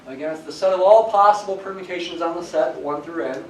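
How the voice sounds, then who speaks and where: A man's voice: a little high, quick pace. A man, a math professor, giving a classroom lecture, explaining step by step and stressing key words. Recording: echoey classroom from some distance, faint hiss.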